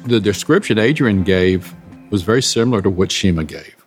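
A man's voice: lowish voice, expressive, fairly quick, faint music behind. A man speaking as a police investigator, describing a case in a matter-of-fact way. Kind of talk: interview account of a case.

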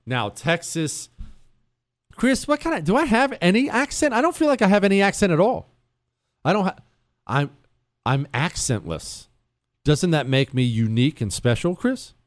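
A middle-aged man from Ohio hosts a radio talk show with a playful, self-mocking streak. His slightly high voice swings widely as he jokes with his producer. The studio sound is close and dry. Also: no room sound. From Ohio, USA. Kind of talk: casual radio show banter.

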